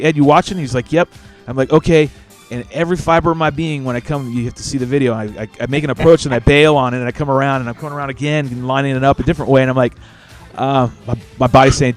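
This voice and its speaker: A man hosting a casual live show, telling stories animatedly and swearing freely. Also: mid-range voice. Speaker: show host.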